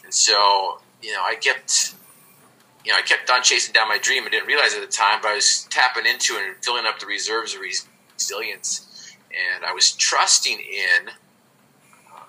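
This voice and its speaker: With a voice on the low side, fairly even in intonation, this podcast guest tells his story at a normal speed, bright and forceful. He is earnest and reflective but restarts a lot, and the recording is rough.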